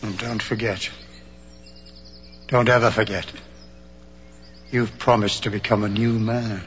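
An actor playing a gentle, forgiving older bishop who speaks calmly and firmly, from a film soundtrack. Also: male voice, fairly low pitch, a little slow. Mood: solemn. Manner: calm, kindly, firm. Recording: dull film soundtrack, faint noise.

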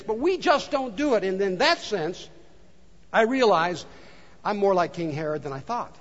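Guy pastor preaching, high voice, lots of rhetorical questions, muffled recording with big hall reverb. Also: sing-song, moderate pace. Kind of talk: sermon. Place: church sanctuary.

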